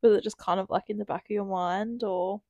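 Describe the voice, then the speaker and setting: A woman's voice: mid-range voice, fairly even intonation, brisk, a little mellow, no room sound. A young woman co-hosting a podcast, chatting casually and asking her co-host lots of questions, with many "like"s. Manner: asks lots of questions, full of "like". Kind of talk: casual chat.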